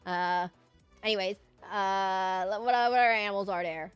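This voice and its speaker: Excitable woman streamer, rambling chat. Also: mid-range voice, measured pace, smooth, no echo, soft background music. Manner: excitable, rambling, lots of fillers and laughs. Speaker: VTuber streamer.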